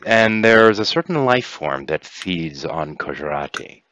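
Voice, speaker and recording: A man's voice: deep voice, lively intonation, unhurried, fairly bright tone, no room sound, highs cut off. A man voicing a mysterious female stranger from another world in a tabletop game, drawling and offhand.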